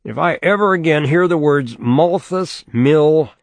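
A man's voice: fairly high pitch, measured pace, no echo, pitched above the performer's own voice. A man voicing a sardonic young male economics graduate student, wry and exasperated, in an audiobook reading. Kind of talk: audiobook character voice.

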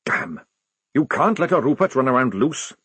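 A man voicing a gruff, burly old army sergeant who barks curt orders. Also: mid-range voice, sing-song, normal speed, a bit bright, no room sound, pitched above the performer's own voice, exaggerated voice. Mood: hissing. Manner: barking, curt commands.

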